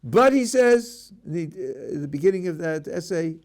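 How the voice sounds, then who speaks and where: A man's voice: a little high, big pitch swings, normal speed, hardly any pauses, darkish tone. A middle-aged man, a rabbi, teaching a class: he reads a passage aloud and then explains it, with frequent restarts. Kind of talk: text-based lecture.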